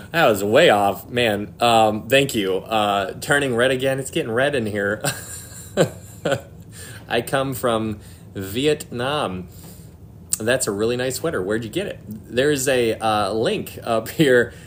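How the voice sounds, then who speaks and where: A man's voice: mid-range voice, fairly bright tone, a little hiss or hum. A man hosting a Christian live stream, chatting casually, laughing often and reading viewer comments aloud, earnest when talking about faith. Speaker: Christian livestream host. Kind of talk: casual livestream chat.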